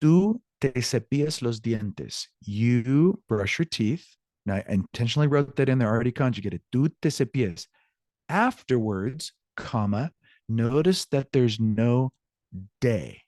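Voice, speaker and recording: A man's voice: mid-range voice, animated, unhurried, darkish tone, no echo, clean studio sound. A man teaching a Spanish lesson, explaining grammar patiently and often checking in with his students. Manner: answers student questions aloud. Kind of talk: recorded online class lecture.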